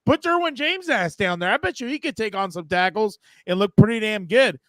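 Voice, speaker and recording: A man co-hosting a casual sports podcast over a video call, loud, profane and fired up. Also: sits high, animated, fairly quick, no room sound, clean studio sound. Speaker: podcast co-host.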